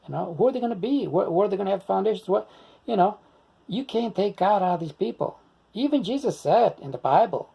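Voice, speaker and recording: Gravelly older Italian American man ranting. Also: high-pitched, big pitch swings, fast talker, warm tone. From United States. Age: 60s. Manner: rambling, insistent, combative. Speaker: video blogger. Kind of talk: unscripted monologue to camera.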